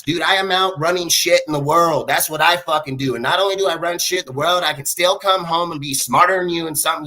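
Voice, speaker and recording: Mad guy going off on haters, lots of swearing, high bright voice. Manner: profane, combative, shouting at critics. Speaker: show host. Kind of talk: angry ranting monologue.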